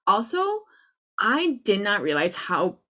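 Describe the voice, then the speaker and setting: A woman's voice: medium pitch, very animated, takes it slowly, bright, forceful tone. A woman co-hosting a podcast, chatting candidly and poking fun at herself. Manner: self-deprecating, candid, laughs often. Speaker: podcast co-host. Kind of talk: casual chat.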